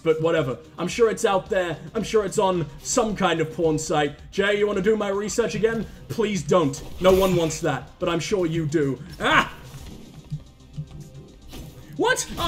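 Brief: male streamer, high voice, profane running jokes, faint game music underneath. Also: fairly bright tone. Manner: profane, joking, rambling asides. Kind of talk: live gameplay commentary.

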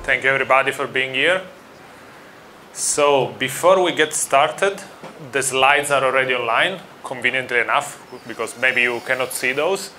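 A man's voice: mid-range voice, moderate pace, pushed and bright, faint music behind. Italian-accented man giving a tech talk. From Italy. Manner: friendly, asks the audience questions. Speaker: conference speaker. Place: conference room with audience.

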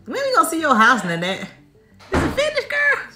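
A woman's voice: high-pitched, huge pitch swings, brisk, over loud music. A woman hosting a reaction video, chatting playfully and teasing the people on screen while talking to her viewers. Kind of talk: casual reaction commentary.

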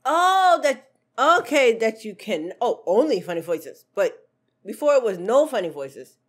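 Brief: woman YouTuber reacting to clips, husky and low, lively pitch, laughs a lot. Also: normal speed. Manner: laughs often, excitable. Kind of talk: casual reaction commentary.

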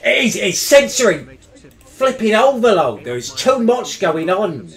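A man, livestreaming and yelling angry, swearing commentary at his game and his chat. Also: sits high, big pitch swings, measured pace. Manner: shouting, swearing, exasperated outbursts. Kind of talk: raging live gameplay commentary.

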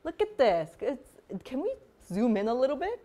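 A woman's voice: high voice, sing-song, normal speed, dark tone. A woman hosting a beauty vlog, chatting casually and bubbly while demoing products, with lots of "like" fillers. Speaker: beauty vlogger host. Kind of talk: casual live product demo chat.

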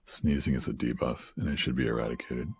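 A man musing slowly and deadpan in casual voice-chat banter, tossing out gamer jokes. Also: rumbling low, vocal fry, slightly rough. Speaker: guest on a livestream voice call.

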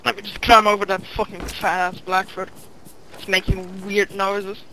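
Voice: mid-range voice, flat delivery, normal speed, sharp tone, low-quality recording. Profane gamer talking trash over noise. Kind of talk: casual gameplay chat.

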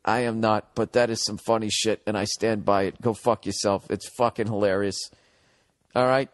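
A man's voice: on the low side, steady tone, moderate pace, no room sound, clean studio sound. A man in his forties from the United States, hosting a comedy podcast in a blunt, profane, ranting monologue, giving advice. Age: 40s. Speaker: podcast host.

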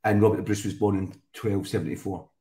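A man's voice: on the low side, steady tone, fast talker, warm tone. A Scottish man chatting as a guest, telling stories in a rambling way with many restarts. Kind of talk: casual chat. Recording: roomy echo.

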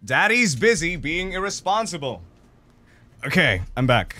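A man streaming a party game with viewers, loud and laughing, swearing freely and swinging between shouts and mutters. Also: a little high, very animated, moderate pace, background noise. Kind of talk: casual gaming stream chat.

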